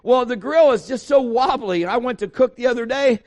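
A man's voice: extremely high pitch, moderate pace. A middle-aged man, a pastor, preaching a sermon through a folksy, humorous story and acting out the voices of the people in it.

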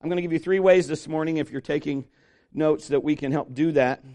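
A middle-aged man, a pastor, preaching a sermon with animated storytelling, acting out the voices of the people he quotes. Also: on the high side, a little fast.

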